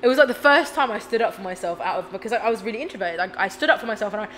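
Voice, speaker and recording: A young woman, an actor talking bluntly and telling lively stories as a podcast guest. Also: medium pitch, rapid-fire, hardly any pauses. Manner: blunt, lively storytelling with acted-out quotes. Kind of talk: casual podcast chat. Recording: reverberant room with faint noise.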